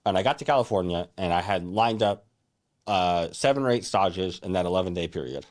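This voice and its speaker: A man's voice: sits low, animated, brisk. A young man, a chef, telling his career story in a casual, earnest first-person way, often restarting his sentences. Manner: earnest and reflective, with many restarts and fillers like "like" and "right?".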